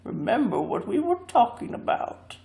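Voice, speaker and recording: A woman's voice: medium pitch, sing-song, normal speed, creaky, mellow, roomy sound. A woman voicing a plucky, hot-tempered male creature in a storybook reading. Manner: plain-spoken, easily irritated.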